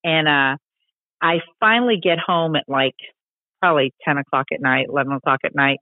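A woman telling stories as a podcast guest, animated and chatty, acting out the voices of people she quotes. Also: low voice, brisk, no echo. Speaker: podcast guest, long-distance motorcycle rider. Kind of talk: casual storytelling interview. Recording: tinny phone-like line, dry.

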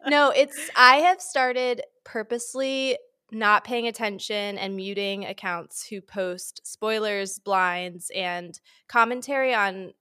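Woman guest, sarcastic and self-deprecating, bright tone, dry close mic. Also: medium pitch, takes it slowly, clean tone, no room sound. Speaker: podcast guest and recapper. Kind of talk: casual chat.

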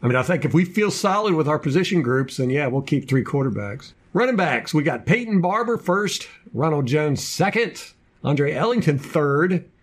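A man's voice: fairly high pitch, sing-song, moderate pace, breathy edge. A man co-hosting a casual sports podcast, running through a team depth chart with jokey asides. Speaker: podcast co-host.

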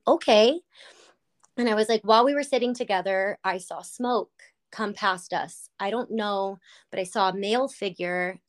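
A woman podcast host in casual chat, telling stories animatedly with lots of fillers. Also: medium pitch. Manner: animated storytelling with many fillers.

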